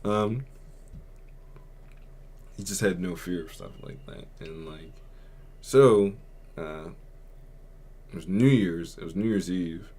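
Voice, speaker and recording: A man's voice: sits low, slow, pauses often, darkish tone, breathy edge. A young man hosting a podcast, telling a personal story in a rambling, subdued way, full of filler words. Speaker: podcast host. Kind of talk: casual storytelling.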